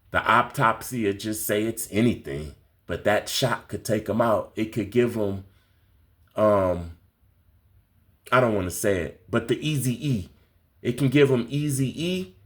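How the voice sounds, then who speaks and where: A man delivering a spiritual conspiracy monologue, slow, emphatic and repetitive. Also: medium pitch. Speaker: conspiracy vlogger.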